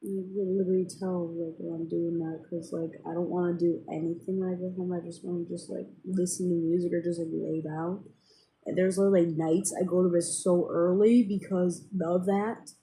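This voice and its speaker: A woman's voice: lowish voice, level tone, normal speed, mellow, slight background noise, poor audio. A woman venting in a casual, rambling way to her viewers, with many fillers and restarts. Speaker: vlogger. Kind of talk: casual personal venting to camera.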